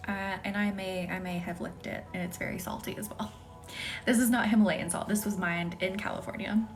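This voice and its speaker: A young woman hosting a live Reiki stream, chatting casually with viewers by name and often dropping into a soft whisper. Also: mid-range voice, fairly even intonation, brisk. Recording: faint music behind.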